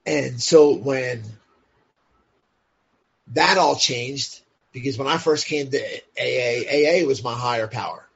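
Raspy guy kinda high voice, swears a lot, says like constantly, muffled lo-fi audio. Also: slow. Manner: blunt and profane, many fillers like "like" and "you know". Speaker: podcast guest. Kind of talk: candid personal storytelling. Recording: dull lo-fi sound.

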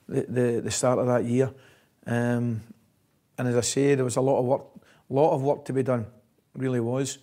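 A man with a Scottish accent, a former football coach, telling stories in an interview, laughing often and checking in with "right?". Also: mid-range voice. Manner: lively storyteller, laughs often, says "right?" constantly. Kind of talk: anecdotal interview chat.

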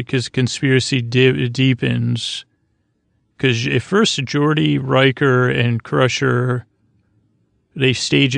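Gravelly man rambling through a recap. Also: mid-range voice, no echo. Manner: meandering, full of fillers and self-corrections. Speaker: podcast host recapping an episode. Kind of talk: rambling sleepy recap chat.

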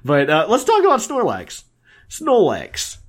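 A man with a medium-pitched voice co-hosts a casual podcast at a moderate pace. He chats enthusiastically and rambles, filling his talk with lots of fillers.

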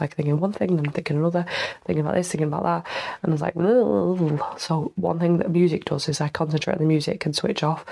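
A woman's voice: on the low side, vocal fry, darkish tone. A young woman hosting a casual solo podcast, rambling and self-mocking, a little stuffed up with a cold and tired. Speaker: podcast host.

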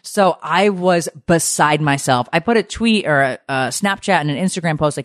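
A middle-aged woman co-hosting a podcast, telling stories in a lively, gossipy way and swearing freely. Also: deep voice, normal speed, hardly any pauses, dry recording, clean studio sound. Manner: animated, gossipy storytelling with swearing. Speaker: podcast co-host. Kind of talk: casual chat.

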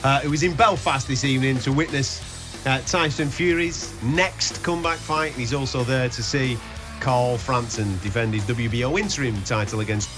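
A man's voice: medium pitch, moderate pace, music in the background. A man hosting a live boxing radio show, chatting and joking with his co-hosts. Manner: chatty, jokey, bantering with co-hosts. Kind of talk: live sports radio talk.

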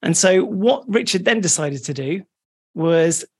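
A podcast co-host in easy, casual conversation, going back over updates and facts sent in by listeners. The delivery is relaxed and sits at a middling pitch, with nothing forced about the pace. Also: measured pace, breathy edge. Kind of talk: casual chat.

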